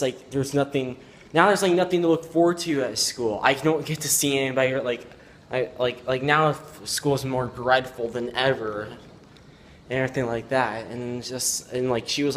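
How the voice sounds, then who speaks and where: A teenage boy telling a vlog story in a downcast, regretful way, rambling and halting with many restarts and fillers. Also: medium pitch, a bit bright, slight background noise. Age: teens. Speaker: vlogger. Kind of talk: confessional personal vlog.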